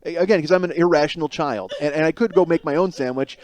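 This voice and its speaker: A man's voice: a little high, fast talker. Exasperated man telling a comic story. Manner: animated, exasperated, swearing, acts out quotes. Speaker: podcast host.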